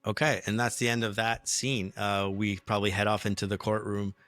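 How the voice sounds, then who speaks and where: A man explaining rules and narrating as game master, relaxed and hesitant with many fillers. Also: fairly low pitch, brisk, no echo.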